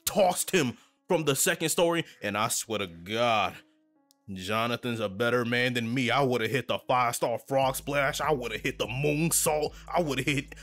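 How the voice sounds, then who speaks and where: A man's voice: mid-range voice, measured pace, fairly bright tone, faint music behind. A young man narrating a comedic anime recap in crude slang, cutting in and out of character voices.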